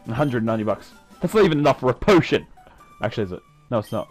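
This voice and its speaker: Chatty, animated gaming commentator, male. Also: mid-range voice, very fast, dry recording, faint music behind, poor audio. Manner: chatty, self-mocking, animated. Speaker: gaming YouTuber. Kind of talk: let's-play commentary.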